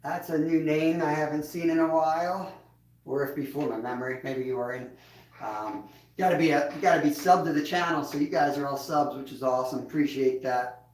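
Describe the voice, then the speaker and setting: A relaxed man with a twang chats casually on his livestream, his fairly high voice sitting back from the mic. The sound bounces around an echoey room, and he chuckles as he answers his viewers. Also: brisk, recorded from a distance. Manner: laid-back, chuckles, reads chat aloud. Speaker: livestream host.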